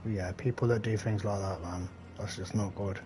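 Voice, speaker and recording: A rambling middle-aged man talks to his live-stream chat while he plays. His voice sits low, he swears casually, and there is a faint hum of ambience behind him. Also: fairly even intonation, moderate pace.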